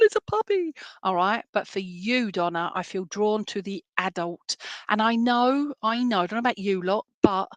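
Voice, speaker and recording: A woman giving psychic readings to a live online audience, drifting from thought to thought with lots of fillers and calling people "my lovely" and "my darling." Her voice sits at an ordinary middle pitch. It is recorded close and dry, with no room echo. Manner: rambling, warm terms of address, many fillers. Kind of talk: live-stream reading, casual chat.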